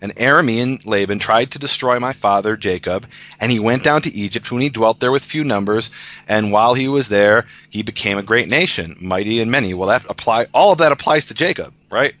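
A man's voice: lowish voice, fairly quick, a bit bright, muffled recording. A man in a casual discussion, patiently explaining scripture as a guest teacher, often restarting his sentences.

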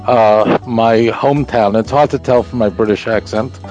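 A man's voice: fairly low pitch, steady tone, moderate pace, darkish tone, highs cut off. A wisecracking man, chatting as a guest over a video call. Faint music plays behind him. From Brooklyn, New York. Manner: wisecracking, joking. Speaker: guest rabbi. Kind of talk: casual chat.

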